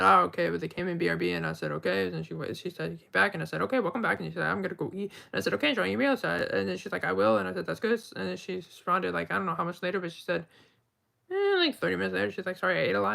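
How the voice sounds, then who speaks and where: A man's voice: high-pitched, rapid-fire, creaky, sharp tone. A man on a livestream, rambling through a retelling of text chats with "and I was like.".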